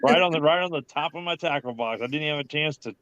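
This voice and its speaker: A man's voice: a little high, racing, a bit bright, dry recording. A man from Ohio telling a story in casual chat, rambling and profane, quoting himself and others. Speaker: guest in group chat. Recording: dull, slightly lo-fi dry audio.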